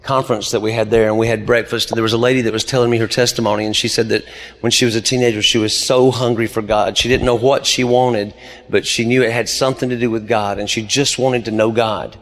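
A man's voice: on the low side, little pitch movement, quick pace, a bit bright. A man, preaching a sermon as pastor and telling stories with rising emphasis. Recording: long hall reverb.

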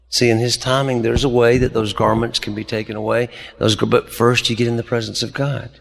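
A man's voice: mid-range voice, gravelly. A man, preaching a sermon as pastor and telling stories with rising emphasis. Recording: long hall reverb.

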